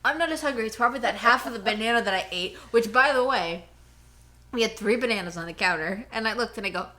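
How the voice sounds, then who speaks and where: A woman co-hosting a casual podcast at home, ranting in a rambling, animated way into a cheap headphone mic. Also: fairly high pitch, quick pace. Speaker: podcast co-host.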